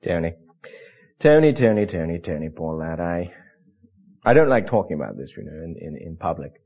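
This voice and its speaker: A pompous, husky-voiced scholar. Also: male voice, low voice, sing-song, moderate pace, darkish tone, exaggerated voice. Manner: pompous, drawling, hesitant asides. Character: pompous self-aggrandizing scholar, defensive and gossipy. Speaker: interview guest. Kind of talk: mock arts interview. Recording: husky voice on a dull lo-fi recording.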